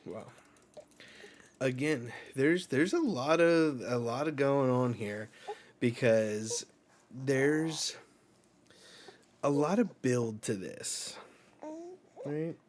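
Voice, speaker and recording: Slow-talking man reacting to a manga chapter. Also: mid-range voice, a little mellow, a little hiss or hum. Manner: casual, rambling, with filler words. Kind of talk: live manga read-aloud and reaction.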